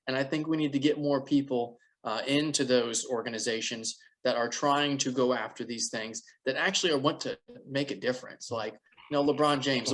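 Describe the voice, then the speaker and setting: A man co-hosting a podcast, talking bluntly and profanely in a rambling, casual political chat. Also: mid-range voice. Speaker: podcast co-host.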